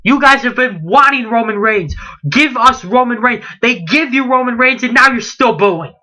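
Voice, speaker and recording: The speaker, a wrestling vlogger in his late teens, has a sharp-toned, mid-range voice with lively intonation and a moderate pace. His indignant, heated rant is full of rhetorical questions and repetition.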